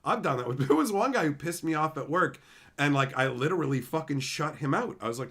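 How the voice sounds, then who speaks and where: A man on a live stream, swapping stories with his viewers in a blunt, foul-mouthed way. His voice is bright and forward, and his pitch jumps around a lot. He laughs easily as he acts out the people in his stories. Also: expressive, a little fast. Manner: profane, blunt, laughing storyteller who acts out quoted people. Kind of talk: casual live-stream chat, storytelling.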